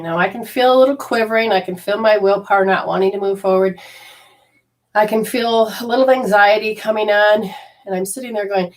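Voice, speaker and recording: A woman, a spiritual teacher, telling a personal story in a lively way, acting out her own lines and swinging from loud outbursts to soft murmurs. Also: medium pitch, moderate pace, long pauses. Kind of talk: storytelling talk.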